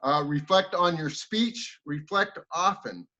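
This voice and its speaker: Slow, measured man on lo-fi call. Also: on the high side, animated, sharp tone. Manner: measured, complimentary feedback. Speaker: speech evaluator. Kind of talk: online club speech evaluation. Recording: dull lo-fi video call audio.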